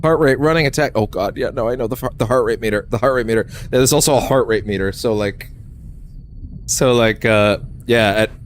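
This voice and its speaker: A man's voice: mid-range voice, brisk, slight background noise. A man streaming a game, rambling casually, swearing and laughing often as he plays. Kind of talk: casual let's-play commentary.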